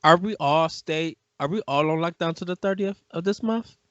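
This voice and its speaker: A man's voice: a little high, moderate pace, no room sound, highs cut off. A man co-hosting a casual podcast, asking the others short questions. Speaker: podcast co-host.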